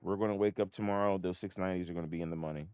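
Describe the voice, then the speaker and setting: A man trading options and talking to himself, frustrated and swearing, swinging from loud outbursts to low mutters. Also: steady tone, racing, clear, resonant tone, dry recording. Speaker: options day trader.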